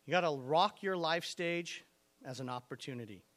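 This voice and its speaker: A man's voice: a little high, moderate pace, fairly bright tone. A man preaching a sermon with energy and emphasis, reading scripture and putting direct questions to his listeners. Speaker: pastor.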